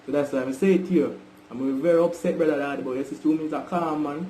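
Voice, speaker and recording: A young Jamaican man confronts his brother over a call, pushing the same point again and again. His voice sits a little high. The room is echoey with a faint hum behind him. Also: steady tone, quick pace, dark tone. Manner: repetitive, pressing, keeps calling him brother. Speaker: vlogger.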